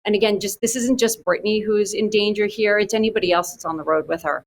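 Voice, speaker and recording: A woman's voice: medium pitch, fairly even intonation, quick pace. Woman reporter chatting on a news panel, casual w/ ums. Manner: conversational, uses fillers, stresses danger. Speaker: investigative reporter.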